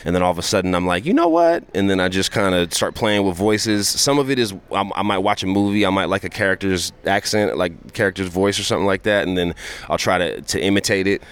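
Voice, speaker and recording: Guy with a really deep voice, laid back rambling podcast chat. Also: quick pace, clean tone. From Toronto, Canada. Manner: relaxed, rambling, many fillers like "you know". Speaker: podcast guest, comedian. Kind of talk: casual chat.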